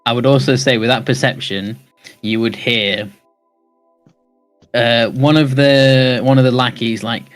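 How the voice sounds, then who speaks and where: A man runs a tabletop game and narrates at a middling pitch. His talk is loose and full of restarts, and he keeps laughing at his own scene. Faint music plays underneath. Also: fairly even intonation, measured pace, long pauses, no echo. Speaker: game master.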